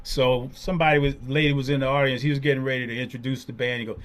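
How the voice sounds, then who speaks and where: A man hosting an interview, telling stories in an animated way and laughing often. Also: mid-range voice, rapid-fire, hardly any pauses, noisy background. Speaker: host. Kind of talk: casual interview storytelling.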